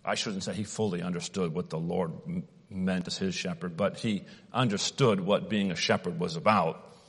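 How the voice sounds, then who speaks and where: A man preaching a sermon at an unhurried, deliberate pace, with some restarts. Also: low-pitched, steady tone, a bit bright, slightly rough, long reverb tail.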